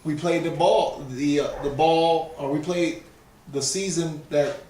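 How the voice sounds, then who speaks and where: A man's voice: on the high side, fairly even intonation, a little slow, dark tone, slight background noise. A man from Southern California, a pigeon fancier, talking earnestly and emphatically in a casual interview. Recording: echoey and distant from the mic.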